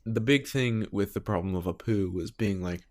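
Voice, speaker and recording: A young man with a low voice co-hosts a casual podcast. He trades wry, profane jokes with his co-host and tells his own stories in a loose, offhand way. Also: moderate pace, a little mellow. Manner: wry, joking asides, profane.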